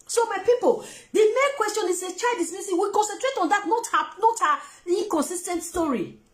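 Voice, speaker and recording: A woman's voice: very high-pitched, lively intonation, a little fast, echoey room. A Nigerian woman giving passionate commentary, pressing her point with emphatic rhetorical questions.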